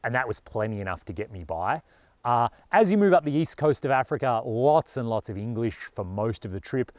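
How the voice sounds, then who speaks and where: A man's voice: mid-range voice, big pitch swings, fairly quick, dry recording. Chatty Australian man, dry sound. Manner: chatty, earnest, frequent "you know". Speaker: overland traveler and vlogger. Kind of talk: casual talk to camera.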